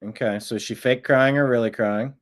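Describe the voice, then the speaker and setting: A man's voice: mid-range voice, steady tone, a little fast, slight background noise. Combative man hosting political commentary. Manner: combative, sarcastic. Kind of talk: livestream reaction commentary.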